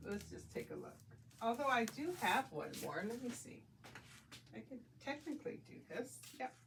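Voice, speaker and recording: A middle-aged woman with a slightly high voice chats casually while working on a quilt. She thinks aloud and laughs often. Faint noise sits behind her, and she drifts away from the mic at times. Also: very animated, normal speed. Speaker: quilting vlogger.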